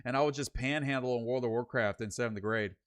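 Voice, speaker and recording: With a fast delivery and a mid-range voice, a Sacramento streamer runs his late-night show. He reads comments from viewers and wanders through slangy anecdotes packed with fillers.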